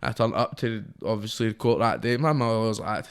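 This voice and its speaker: Smooth-voiced Glaswegian man, laid-back and sweary. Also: fairly low pitch, a little fast. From Scotland. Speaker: guest rapper. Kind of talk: casual chat.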